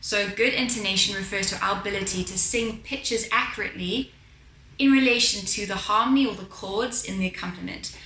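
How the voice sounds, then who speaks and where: This woman's medium-pitched voice is bright and forceful, slightly fast, as she patiently walks through singing technique, checking in with the listener and singing short demos. The low-quality recording sounds roomy, with slight background noise.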